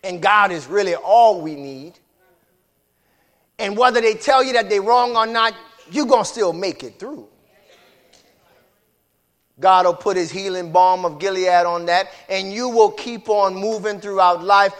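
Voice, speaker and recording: High, bright-voiced preacher. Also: male voice, normal speed. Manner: swings between shouted whooping and low hushed talk. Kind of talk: sermon.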